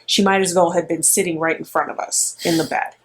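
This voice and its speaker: A middle-aged woman spins a spooky personal story in loose, rambling fashion, her voice a little husky. She is animated and sprinkles in fillers as she goes. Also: fairly low pitch, fairly quick. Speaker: co-host and mother. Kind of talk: casual storytelling.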